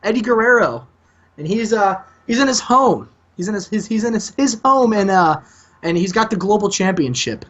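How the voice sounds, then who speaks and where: A man's voice: high voice, animated, normal speed, fairly bright tone. Chatty guy recapping a wrestling game, voice goes up and down, dull lo-fi sound. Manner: chatty, recaps events, acts out lines. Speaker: gaming channel host. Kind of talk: casual game commentary.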